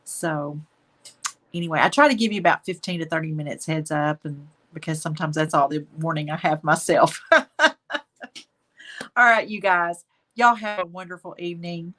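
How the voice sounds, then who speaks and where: A woman's voice: low voice, fairly even intonation, fairly quick. A woman hosting a live painting stream, chatting affectionately with viewers as she wraps up. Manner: warm, affectionate, chatty, says y'all. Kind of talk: casual live-stream chat.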